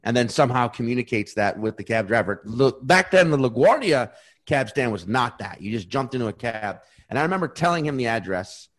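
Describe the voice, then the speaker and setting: A man on a casual podcast, his pitch swinging widely as he tells a story. He talks at a middling pitch and acts out the people in his tale. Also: a little fast. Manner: animated, acts out characters with big pitch jumps. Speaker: podcast guest.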